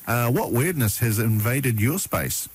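A man's voice: medium pitch, animated, a little slow, breathy edge. A man hosting a radio show, chatting casually in a playful, lightly joking way.

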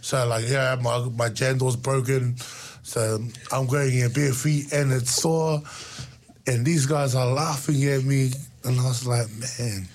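Lively man. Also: unhurried. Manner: lively, laughs often, jumps into high voices for quoted lines. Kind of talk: casual storytelling chat.

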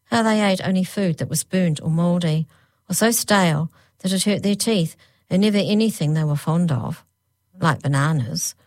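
Woman reading a storybook, low and dry. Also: darkish tone, no echo. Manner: slows right down on spooky phrases. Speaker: narrator.

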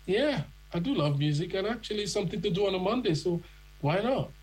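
In an interview, a Nigerian man recounts his own story with animation, performing the voices of the people he encountered. He speaks a little fast in a high voice with a breathy edge, and the recording is rough.

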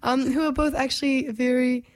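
A woman's voice: sits high, little pitch movement, moderate pace. A young woman co-hosting a casual political chat, her voice a little strained, talking with many fillers. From New Zealand. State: strained voice after losing it. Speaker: podcast co-host.

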